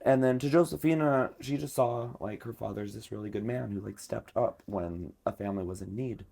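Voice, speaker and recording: A podcast host spins a long story in a relaxed, chatty way. His voice sits a little on the low side, and he peppers his speech with filler words. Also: brisk, creaky. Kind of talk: casual storytelling chat.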